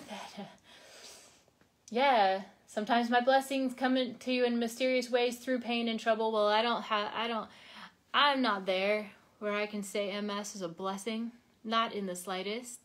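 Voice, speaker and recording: A woman hosting a worship livestream, reading a devotional aloud and chatting casually, her voice soft and sometimes dropping to a whisper. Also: on the high side, fairly even intonation, unhurried. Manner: soft-spoken, drops to whispers on phrase ends; chatty, reads viewer comments aloud. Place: home livestream.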